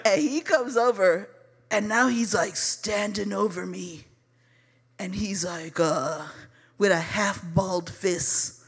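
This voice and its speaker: A woman from Chicago telling a personal story live, animated and profane, calling her listeners y'all. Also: mid-range voice, slow, gravelly, husky.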